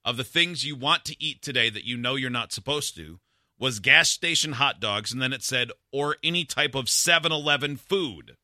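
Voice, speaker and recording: A man's voice: mid-range voice, animated, normal speed, bright, forceful tone, dry recording. A man hosting a casual radio chat, telling stories and cracking dry jokes.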